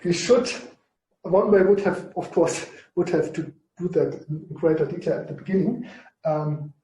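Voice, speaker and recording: Man teaching Greek, high mellow voice, hesitant, lots of fillers, echoey room away from the mic. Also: normal speed, recorded from a distance. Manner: hesitant, many fillers and restarts. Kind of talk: informal online lesson.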